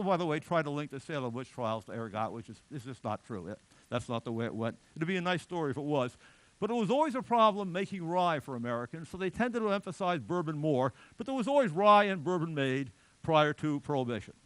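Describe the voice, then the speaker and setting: A man's voice: fairly high pitch, no echo. A middle-aged man giving a public lecture in a chatty, digressive way with joking asides.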